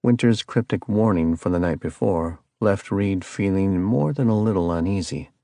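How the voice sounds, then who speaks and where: Deep-voiced man narrating an audiobook. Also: normal speed, warm tone, no echo. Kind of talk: scripted narration.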